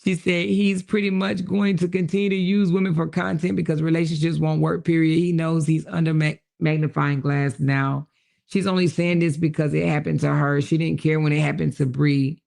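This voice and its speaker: A woman hosts a casual livestream and reads viewer comments and messages aloud. Her voice carries a gravelly fry, and she breaks in often with quick exclamations. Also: low-pitched, little pitch movement, darkish tone. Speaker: livestream host.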